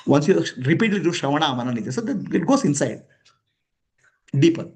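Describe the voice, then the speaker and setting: Male spiritual teacher, high and animated voice, emphatic with frequent chuckles, quizzes his listeners. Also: quick pace. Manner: emphatic, questioning, chuckling often. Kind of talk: spiritual discourse to students.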